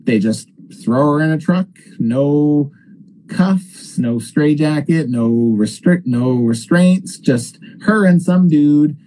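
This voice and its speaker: A man's voice: fairly high pitch, takes it slowly, poor audio. A man co-hosting a podcast, ranting casually about a movie with lots of fillers and swearing. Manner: animated, swearing, frequent filler words. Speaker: podcast co-host. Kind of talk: casual movie review rant.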